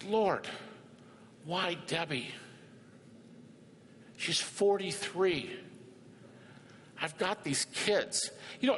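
A man's voice: fairly high pitch, fairly bright tone. An older man preaching a sermon, emphatic and dramatic, telling a personal story and acting out dialogue. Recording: reverberant hall with faint ambience.

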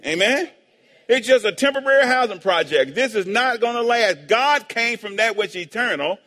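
A man preaching as pastor, drawing amens and answers from the congregation in call-and-response, breaking into sudden shouts. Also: sits high, animated, moderate pace. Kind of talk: sermon. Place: church sanctuary. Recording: long hall reverb.

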